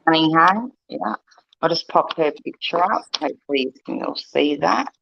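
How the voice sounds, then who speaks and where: A woman hosting a live psychic show, chatty and relaxed as she runs the segment. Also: deep voice, moderate pace, gravelly, slightly rough, lo-fi sound.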